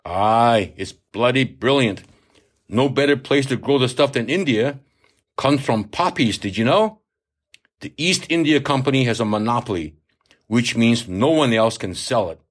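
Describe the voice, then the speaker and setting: A man's voice: mid-range voice, animated, a little slow. A man reading aloud, voicing a crude, hard-drinking older male sea captain who swears and lectures. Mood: boastful. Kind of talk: audiobook reading.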